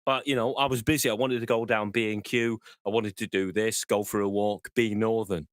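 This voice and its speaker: A man's voice: lowish voice, steady tone, a little fast, dry recording, studio quality, natural voice. A man doing a comedy impression of a grumpy, swearing Northern English actor with a Northern accent. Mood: grumbling. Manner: grumbling, sweary, cheeky.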